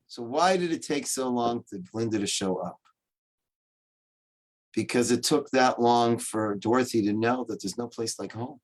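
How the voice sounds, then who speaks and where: A man teaching as a rabbi over a video call, telling a story with jokes in a lively, animated way. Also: mid-range voice, unhurried. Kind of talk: humorous storytelling lecture.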